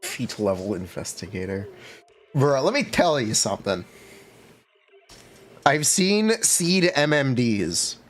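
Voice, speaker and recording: Laid-back man streaming, lively pitch. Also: slow, pauses often, slight background noise. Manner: laid-back, reacts to chat, talks to viewers. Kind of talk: casual live-stream chat.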